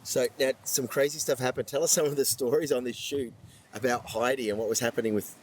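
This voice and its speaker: A man's voice: medium pitch, steady tone, brisk, darkish tone, slight background noise. Enthusiastic male interview host. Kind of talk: interview hosting.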